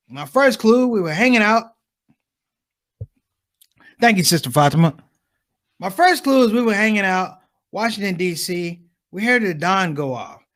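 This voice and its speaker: A man doing a stand-up comedy set on a conference stage, telling stories and acting out the people in them with quick shifts in voice. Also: high voice. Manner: animated storytelling, acts out characters with quick shifts in voice.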